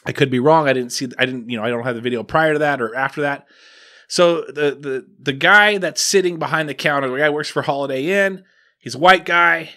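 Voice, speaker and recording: Bright-voiced rambling man telling a story. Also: fairly high pitch, a little fast. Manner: rambling storyteller, acts out quotes with restarts. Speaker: podcast host. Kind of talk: casual chat.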